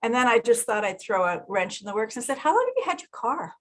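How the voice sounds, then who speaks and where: High-voiced, animated woman leading a group. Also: fast. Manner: animated storyteller who acts out quoted voices and laughs often. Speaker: energy healer leading a group meditation session. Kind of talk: casual group talk with guided breathing.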